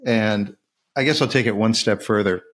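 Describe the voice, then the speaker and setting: A man's voice: fairly low pitch, normal speed, a bit bright. A man hosting a casual film discussion podcast, talking with enthusiasm and acting out the quoted lines. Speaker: podcast host.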